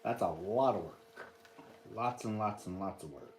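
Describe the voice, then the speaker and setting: Slow-talking American man in echoey room. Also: on the low side, a little mellow. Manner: slow, easygoing, greets viewers by name. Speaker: livestream host. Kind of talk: casual live chat reading viewer comments.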